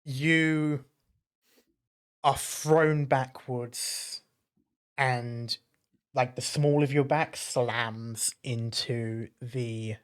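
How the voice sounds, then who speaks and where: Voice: mid-range voice, steady tone, very slow, pauses often, smooth. A game master narrating a tabletop game, describing the action with frequent hesitations.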